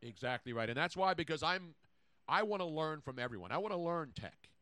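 Man, podcast host, bright tone, dry close sound, jokey boastful banter. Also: a little high, lively intonation, a little fast, no echo. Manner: jokey, boastful, riffing on topics.

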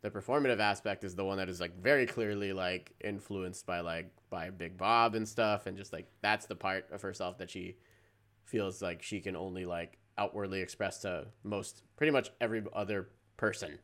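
A man's voice: low-pitched, normal speed. Laid-back man co-hosting a podcast. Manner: relaxed, joking, reads episode credits. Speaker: podcast co-host. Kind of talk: casual chat.

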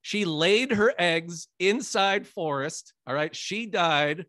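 A man's voice: high-pitched, takes it slowly, bright, forceful tone, no room sound, studio quality. A man co-hosting a podcast in casual chat, rambling with hesitant fillers. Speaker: podcast co-host.

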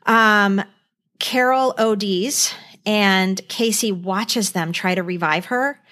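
A woman's voice: medium pitch, slow pace, a bit bright. Chatty middle-aged woman recapping a film. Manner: earnest, chatty, many fillers. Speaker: podcast co-host. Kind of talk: casual chat, recounting a movie.

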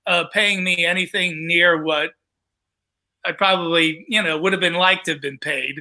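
A man's voice: fairly high pitch, normal speed. A man, a comedian and show host, telling a story in casual podcast talk and acting out the voices of the people in it. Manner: animated storyteller, acts out quoted voices.

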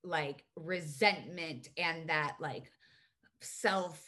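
A woman's voice: sits low, extremely slow. A woman speaking as a podcast guest, telling candid personal stories in casual, profane conversation. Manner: candid, profane, animated storytelling.

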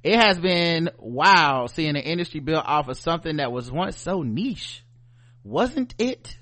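A man with a Southern US accent, co-hosting a podcast in animated, joking casual chat. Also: a little high, moderate pace. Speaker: podcast co-host.

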